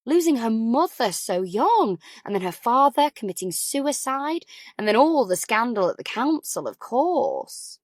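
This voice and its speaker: Pushy gossipy mum, effusive and lilting, a bit higher than plain, dry close sound, voiced by a woman narrator. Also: big pitch swings, unhurried, hardly any pauses, dry recording. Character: pushy, gossipy posh mother of three. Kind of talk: audiobook character voice.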